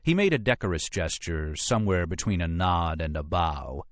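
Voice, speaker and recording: A man reading a thriller audiobook in measured, expressive scripted narration. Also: low-pitched, dry recording.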